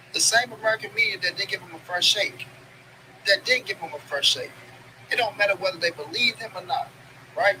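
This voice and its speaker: Ranting man over background noise. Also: sits high. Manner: profane, emphatic, repeats lines for stress. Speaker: boxing commentary channel host. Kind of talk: casual ranting commentary. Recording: clip with steady background noise.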